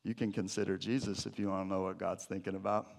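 A man preaching a sermon to his church, animated and jokey, with sudden loud bursts. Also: low-pitched, fast, gravelly. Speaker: pastor.

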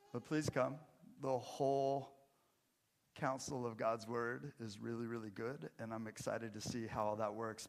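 Joking, earnest pastor preaching a sermon. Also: male voice, medium pitch, creaky. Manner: joking, self-deprecating asides that drop to quiet, earnest emphasis. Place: church.

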